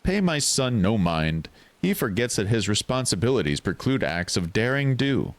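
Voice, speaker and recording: A man voicing a grave, formal older man in a game, speaking slowly. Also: fairly low pitch, big pitch swings. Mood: solemn.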